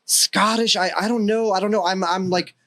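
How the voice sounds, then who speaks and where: A man's voice: sits high, steady tone, moderate pace, fairly bright tone, no room sound. An American man hosting a podcast, loose and joking with a lot of swearing. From United States. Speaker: podcast host. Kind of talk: casual chat.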